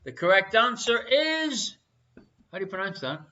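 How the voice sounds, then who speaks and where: Bright-voiced Irish quiz host. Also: male voice, high-pitched, sing-song, moderate pace. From Ireland. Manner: joking, teasing banter with hesitant fillers. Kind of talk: casual live quiz hosting. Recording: muffled, lo-fi stream audio.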